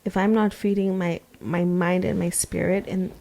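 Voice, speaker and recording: Woman, thirties, casual faith chat, soft reflective talk, gravelly fry. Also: lowish voice, little pitch movement, normal speed. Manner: reflective, soft-spoken, laughs often. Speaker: podcast co-host.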